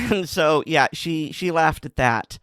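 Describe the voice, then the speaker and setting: A man's voice: on the high side, big pitch swings, slow pace, fairly bright tone, clear, resonant tone, no echo, faint music behind. Casual sardonic guy cohosting a podcast, dry close mic, no room sound. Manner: sardonic storytelling. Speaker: podcast co-host. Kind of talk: casual chat.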